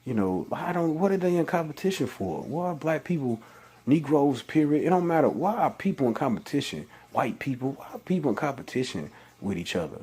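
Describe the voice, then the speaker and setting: A man's voice: fairly high pitch, big pitch swings, a little fast, darkish tone, husky. A man reading scripture aloud and preaching about it in loose, everyday speech, with many restarts and exasperated questions. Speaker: religious vlogger. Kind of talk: informal scripture talk.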